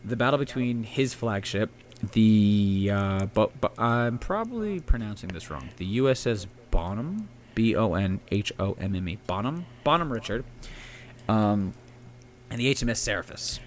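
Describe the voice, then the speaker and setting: A man's voice: lowish voice, animated, normal speed, slight background noise. A man co-hosting a casual history podcast, rambling and swearing as he tells the story. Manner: rambling, profane, puts on silly shouting voices for historical figures. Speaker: podcast co-host.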